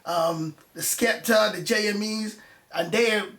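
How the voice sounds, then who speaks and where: A man's voice: high voice, takes it slowly, fairly bright tone, reverberant. A man, a former music journalist, talking as a guest in a casual conversation, telling his story with passion and animation.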